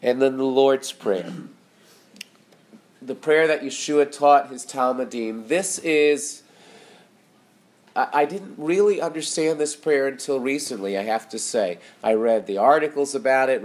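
A middle-aged male pastor giving a conversational sermon and praying aloud, with fillers and tag questions. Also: mid-range voice. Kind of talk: sermon with spoken prayer.

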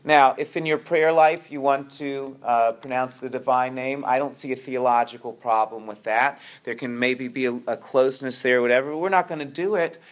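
A man's voice: medium pitch, moderate pace, few pauses. A man preaching a sermon to his congregation, often restarting his words and checking in with "right?".

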